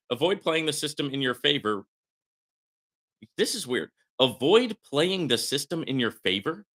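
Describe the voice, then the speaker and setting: A male livestream host talks in a bright, sharp, forceful voice, swinging widely in pitch as he reads out a report. He mocks it in a sarcastic, animated way, with sudden jumps in loudness. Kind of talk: live-stream commentary reading out a report.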